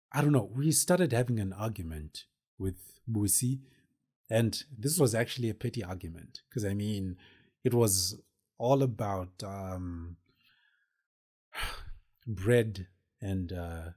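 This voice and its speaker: A man's voice: fairly low pitch, slow, long pauses, a little mellow. A man hosting a podcast, telling a personal story casually in a rambling way, with many fillers and restarts. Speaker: podcast host.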